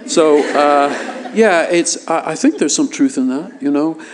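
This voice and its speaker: A man from Canada answering interview questions in a relaxed, thoughtful way, often stopping and restarting his sentences. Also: a little high, measured pace. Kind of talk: casual interview chat.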